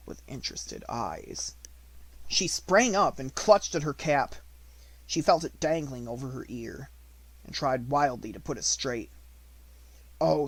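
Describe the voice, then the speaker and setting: A man reading a classic novel aloud as an audiobook, with measured, expressive storytelling. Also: fairly high pitch, no room sound. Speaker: audiobook reader.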